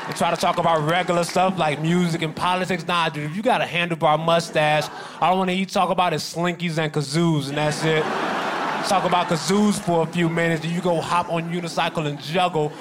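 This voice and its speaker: A man performing a deadpan stand-up comedy set with a dry delivery. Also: on the high side. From United States. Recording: live club recording with crowd noise.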